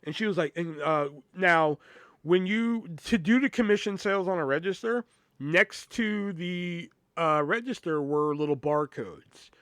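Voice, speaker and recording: Guy telling a story on his podcast, swears a lot, says you know constantly, kinda high voice, dry sound. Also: measured pace, fairly bright tone, clean tone, no room sound. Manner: profane, rambling, lots of "you know". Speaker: podcast host. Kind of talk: casual storytelling.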